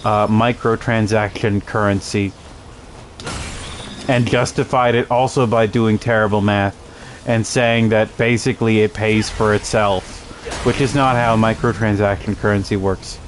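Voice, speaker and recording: Slow-talking man rambling over gameplay. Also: lowish voice, steady tone, slight background noise. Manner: rambling, amused storytelling with fillers. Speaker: gameplay streamer. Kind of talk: casual commentary while playing.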